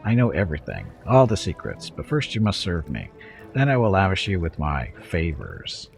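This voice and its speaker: A spoiled, self-pitying demon queen whines and pouts in a gurgling purr, trying and failing to sound seductive, voiced by a man. Her voice sits low and deep. Faint music plays under her lines. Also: wildly swooping pitch, moderate pace, gravelly, heavily acted. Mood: flirtatious. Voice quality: gurgling, purring. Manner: whiny, petulant, falsely flirtatious.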